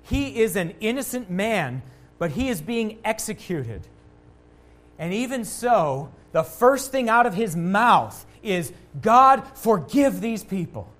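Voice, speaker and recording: A man's voice: sing-song, slow pace. Earnest male preacher. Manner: earnest preaching, swells louder on quoted words, drops low and soft at key points. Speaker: pastor. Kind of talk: sermon.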